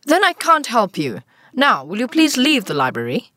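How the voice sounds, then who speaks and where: A man voicing a calm, polite woman librarian in a storybook, speaking slowly and primly. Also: very high voice, no room sound, pitched above the performer's own voice, heavily acted. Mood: polite firm. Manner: slow, prim and politely firm.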